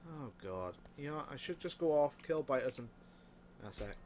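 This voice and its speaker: A man's voice: medium pitch, expressive, moderate pace, darkish tone, slight background noise. A man giving casual, muttered commentary while he plays a factory-building game, swearing often. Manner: muttering to himself, frequent swearing. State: hiccups. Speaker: let's play host.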